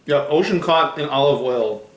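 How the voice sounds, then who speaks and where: A man's voice: a little high, normal speed, roomy sound. A man hosting a food tasting video in casual chat, explaining facts he reads off the packaging. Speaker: host of a food challenge channel.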